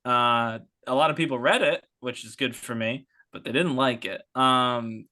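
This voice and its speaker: A man taking part in a casual podcast game show. He talks with wry, self-deprecating humor and laughs in the middle of his sentences. His voice sits at a middle pitch. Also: normal speed, hardly any pauses, sharp tone. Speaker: podcast guest and contestant.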